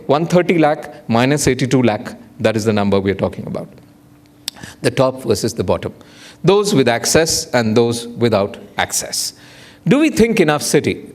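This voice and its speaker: A man's voice: medium pitch, darkish tone. A man giving a public lecture, rhetorical and playful, often putting questions to the audience. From India. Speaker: guest lecturer.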